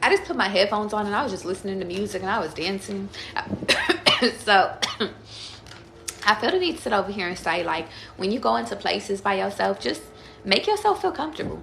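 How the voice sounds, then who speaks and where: A woman's voice: medium pitch, animated, moderate pace, gravelly, fairly bright tone. A woman giving a casual live tarot reading, chatty and emphatic, swearing freely and calling out viewers by name. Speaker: tarot reader on a livestream. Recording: echoey room with faint noise.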